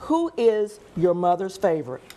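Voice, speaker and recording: A woman's voice: on the low side, sing-song, moderate pace, dark tone, slight background noise. Upbeat woman hosting a TV game show. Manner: upbeat, chatty, laughs often.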